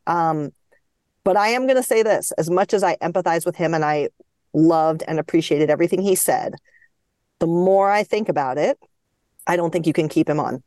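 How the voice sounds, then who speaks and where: Low-voiced woman podcast host, dry sound. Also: darkish tone, dry recording. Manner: thoughtful, measured opinions, steers the show. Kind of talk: casual hockey chat.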